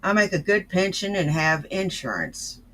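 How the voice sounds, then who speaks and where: A man's voice: sits high, sing-song, moderate pace, fairly bright tone. A man on a livestream, firing back defensively and indignantly at the host. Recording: dull lo-fi stream audio.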